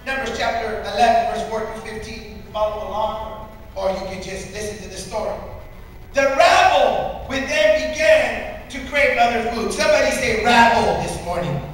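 A man with a strikingly high voice preaches from the pulpit, dropping low for stories and then shouting out the punchlines. He heard from a distance in a long, echoing church hall with faint ambient noise. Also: moderate pace. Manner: animated storytelling, shouting punchlines, congregational call-and-response. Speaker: pastor. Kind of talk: sermon. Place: large church sanctuary. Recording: echoey sanctuary, distant mic.

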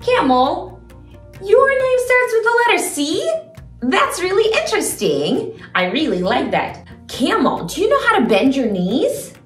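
A woman's voice: high voice, very animated, unhurried, a bit bright. A young woman hosting a children's learning video in a sing-song, exaggerated, playful way. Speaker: children's educator host. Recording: echoey room with faint music.

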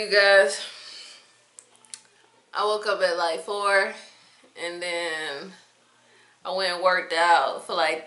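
A woman speaking softly and reflectively in a candid, confessional monologue to her viewers. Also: fairly low pitch. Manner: soft-spoken, slow and reflective. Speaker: vlogger sharing personal reflections. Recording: roomy echoey room.

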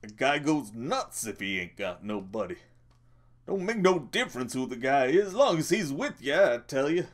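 A man's voice: lowish voice, lively intonation, normal speed, few pauses, a bit bright. A man voicing a lonely, bitter older stable hand who drawls in stammered rural speech.

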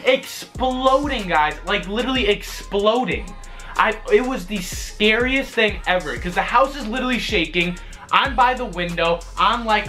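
A young man, excitedly telling a story on his vlog, swearing and exaggerating. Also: high-pitched, normal speed, faint music behind. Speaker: vlogger.

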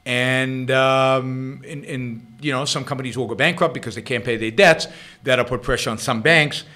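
A man's voice: medium pitch, fairly even intonation, normal speed, bright, forceful tone. A middle-aged man with an Israeli accent hosting his own show, answering listener questions in emphatic, unscripted commentary full of repeats and restarts.

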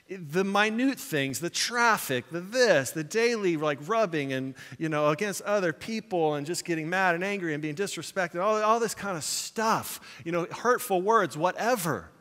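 A pastor preaching with animated storytelling, acting out quoted lines as he goes. His voice sits a little high for a man, and it rings with the long reverb of a church sanctuary. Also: normal speed, hardly any pauses. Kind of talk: sermon.

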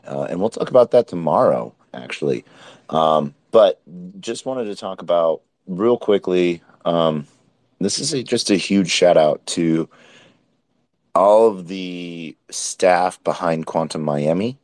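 A man's voice: sits low, slow, no echo, clean studio sound. A man hosting a casual nightly recap show, tired and a bit hiccupy, rambling with lots of ums and likes. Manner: relaxed, rambling with many fillers. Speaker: host. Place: Miami, at a conference event.

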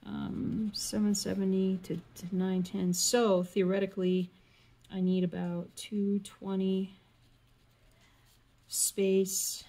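A woman's voice: mid-range voice, flat delivery, takes it slowly, mellow. A woman vlogging casually as she cross stitches, rambling and thinking aloud, humming and muttering to herself. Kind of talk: casual chat while stitching.

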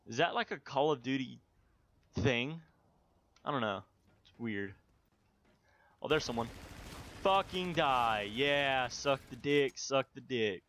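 A man commentating his own shooter gameplay, swearing and yelling outbursts at opponents. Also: mid-range voice, expressive, slow, long pauses, a little hiss or hum. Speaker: gaming video host.

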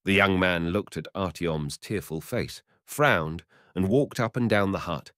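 A man reading a classic short story aloud with expressive storytelling. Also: low voice, measured pace, dry recording, studio quality. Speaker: narrator.

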